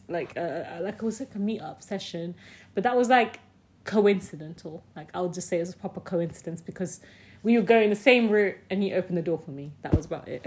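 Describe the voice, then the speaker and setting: A young woman, telling personal stories in a casual, animated way with frequent laughs. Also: medium pitch. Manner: chatty and animated, with frequent laughs and acted-out quotes. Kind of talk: casual storytelling to camera.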